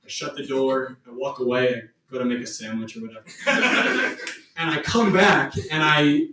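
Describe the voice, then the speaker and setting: A man's voice: medium pitch, lively intonation, normal speed, noisy background. A man doing a crude, self-mocking stand-up set on a comedy club stage. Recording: echoey club from far off.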